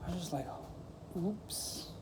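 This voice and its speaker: A woman's voice: low-pitched, expressive, a little slow, creaky, noisy background. A woman vlogger talking casually to her camera, wandering from thought to thought with lots of "like" and "you know". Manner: meandering, full of "like" and "you know", laid-back. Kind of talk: rambling casual monologue to camera.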